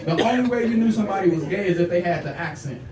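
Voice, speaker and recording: High-voiced man doing stand-up in an echoey club. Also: fast talker. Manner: animated, teasing, talks straight to the crowd. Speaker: stand-up comedian. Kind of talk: stand-up comedy set. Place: comedy club stage with a live audience. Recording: echoey club room from far off, loud crowd laughter.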